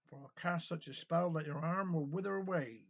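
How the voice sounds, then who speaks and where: A man's voice: a little high, moderate pace, vocal fry, fairly bright tone. A man voicing a fierce, defiant old fishwife in a rhymed story, on a dull lo-fi recording.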